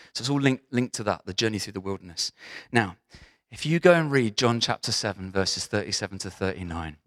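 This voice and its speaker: A man preaching a sermon as pastor, talking in a lively, conversational way with frequent asides to the congregation. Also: fairly low pitch.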